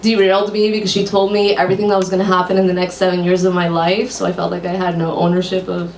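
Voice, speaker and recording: A woman's voice: on the low side, level tone, fast talker, creaky, darkish tone. A woman playwright chatting casually on stage before her reading, giggly and self-deprecating. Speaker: playwright reading at an open mic. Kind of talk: casual rambling stage chat. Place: small club room. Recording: echoey room, distant mic, faint hum.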